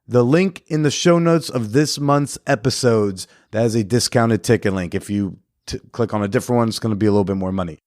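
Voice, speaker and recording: A man's voice: medium pitch, a little mellow, no room sound, studio quality. A man hosting a podcast in a casual monologue, chatty and rambling, with jokey asides. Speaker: podcast host and comedian.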